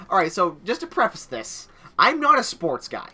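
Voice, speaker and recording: A man's voice: on the high side, huge pitch swings, unhurried, pauses often, bright, forceful tone, faint music behind. A young man casually narrating over gameplay, rambling through a story with many filler words. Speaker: gaming channel host.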